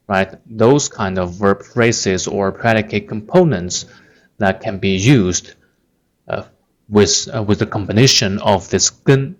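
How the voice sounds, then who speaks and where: A man's voice: lowish voice, lo-fi sound. A man teaching a grammar pattern, patiently repeating and stressing example phrases and often checking with "right?". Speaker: Chinese language teacher.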